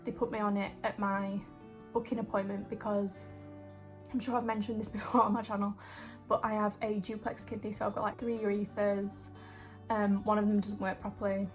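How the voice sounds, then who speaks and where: A woman's voice: medium pitch, little pitch movement, moderate pace, soft background music. A young woman, vlogging in a rambling, emotional, casual way with lots of fillers. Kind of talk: casual chat.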